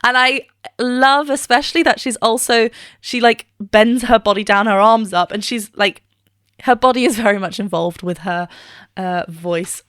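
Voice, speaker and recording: A woman's voice: on the high side, moderate pace, fairly bright tone, clear, resonant tone, dry recording, studio quality. A woman vocal coach reacting to a live performance, explaining technique with enthusiasm. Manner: enthusiastic, explanatory, quotes lyrics by singing. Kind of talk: reaction video analysis.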